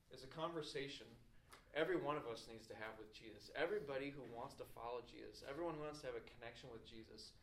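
Man, pastor preaching, animated storyteller, mid-pitched voice, echoey room. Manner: animated storytelling with acted-out questions. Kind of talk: sermon. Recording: roomy echo with faint ambient noise.

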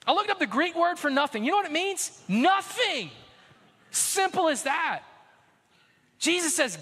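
High-energy preacher man, bright voice. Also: unhurried, long pauses, big-room sound. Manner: energetic, exhorting, shifts from shouting to hushed storytelling. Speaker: pastor. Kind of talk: sermon.

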